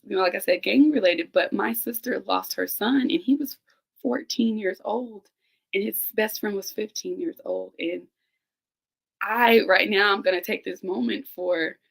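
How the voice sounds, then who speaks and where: A woman's voice: medium pitch, gravelly, low-quality recording. A woman in her thirties, a teacher and guest, speaking candidly and emotionally on a live-stream call, close to tears and talking straight to listeners. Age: 30s. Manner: earnest, emotional, addresses listeners directly. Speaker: guest, teacher and business owner. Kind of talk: candid personal conversation. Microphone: remote live-stream call.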